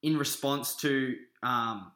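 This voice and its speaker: A man's voice: mid-range voice, slow, bright, forceful tone. A young Australian man co-hosting a podcast, rambling and swearing casually from a living-room lounge on a shared mic. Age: young adult. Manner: rambling, sweary, laid-back. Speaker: podcast co-host. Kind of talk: casual chat. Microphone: single shared mic. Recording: roomy echo.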